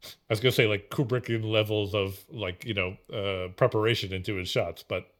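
A man's voice: fairly low pitch, fairly even intonation, brisk. A man co-hosting a casual film podcast, rambling with many fillers and restarts. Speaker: podcast co-host.

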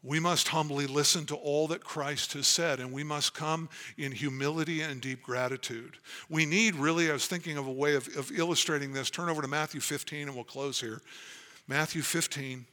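A man's voice: fairly high pitch, steady tone, normal speed, pushed and bright. A man preaching a sermon as pastor, earnest and emphatic as he reads and explains scripture.

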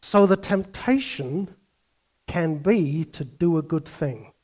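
Animated older male preacher. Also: a little high, takes it slowly. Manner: animated, mimics voices, swings between loud bursts and quiet asides. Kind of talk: sermon.

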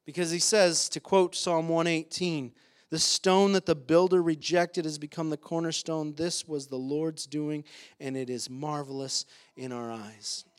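Guy preaching a sermon, pretty high voice, gets fired up and emphatic, lots of uh's. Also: fairly even intonation, a little slow. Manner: impassioned, rising to emphatic peaks, with frequent "uh" fillers. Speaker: pastor.

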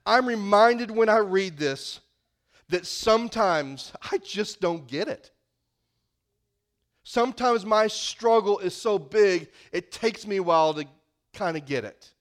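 High-voiced folksy male preacher. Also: animated, slow. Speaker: pastor. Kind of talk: sermon.

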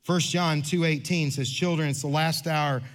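Pastor, man in his fifties, sermon delivery, animated storyteller, slightly higher voice. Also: normal speed. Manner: storytelling with lively quoted voices, rising to earnest emphasis.

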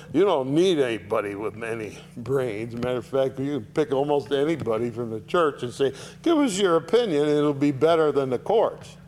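A man teaching a Bible chapter verse by verse, reading lines and paraphrasing them in lively, pointed bursts, then dropping low for asides. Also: slight background noise. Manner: animated, rising sharply to voice Paul's rebukes, dropping low for asides.

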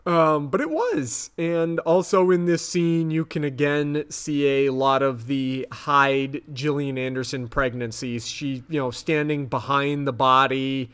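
A man co-hosting a podcast, casually recapping a TV episode in an animated way and jumping up high when he is grossed out. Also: unhurried, few pauses, clean tone. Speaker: podcast co-host.

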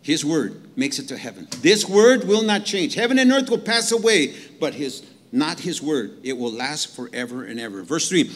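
A man preaching a sermon as pastor, animated and direct, reading scripture slowly and checking in with the congregation. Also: on the high side, long reverb tail. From Mexican heritage. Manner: animated preaching, reads scripture slowly, asks "right?" to the crowd.

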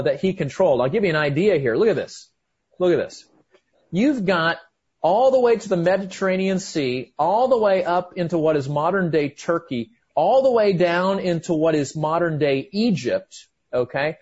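Excitable high-voiced preacher, husky. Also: male voice, dull audio. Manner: excited, emphatic, with frequent restarts. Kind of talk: sermon.

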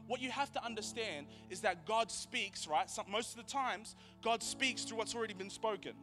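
High, bright-voiced young man preaching. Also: moderate pace, few pauses, soft background music. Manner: energetic, conversational, repeats key lines for emphasis. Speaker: youth pastor. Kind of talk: youth sermon.

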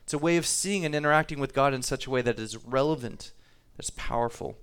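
A man's voice: medium pitch, fast, few pauses, fairly bright tone, clean tone. A man preaching a sermon to his congregation, talking easily, reading scripture aloud and repeating himself now and then. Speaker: pastor.

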